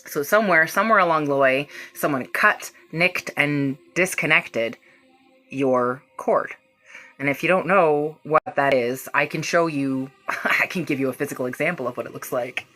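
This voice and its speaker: A low-pitched woman leads a casual reiki healing livestream, gushing affection at her viewers and cursing freely as she goes. Soft music plays faintly in the background. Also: moderate pace. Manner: effusive, affectionate and swearing freely. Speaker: reiki practitioner hosting a livestream.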